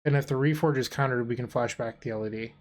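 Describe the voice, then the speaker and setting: A man talks through his card game moves in a relaxed, casual way, sounding tired as the night wears on. He drops dry, sarcastic jokes between plays, and his voice sits at an ordinary middle pitch. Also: fast talker. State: tired, yawning. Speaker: co-host playing and commentating a card game. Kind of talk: casual gameplay commentary.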